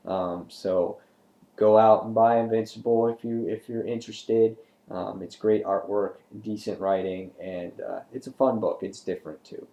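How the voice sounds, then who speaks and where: A man's voice: fairly low pitch, creaky, mellow. A man casually reviewing a comic book, recapping the plot in a rambling way with lots of ums and restarts.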